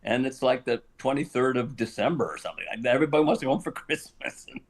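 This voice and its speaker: An older man holds the floor as an interview guest, telling a behind-the-scenes story in an animated way. He chuckles often and acts out the lines people said. His voice sits at an everyday middle pitch. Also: quick pace. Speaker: guest actor.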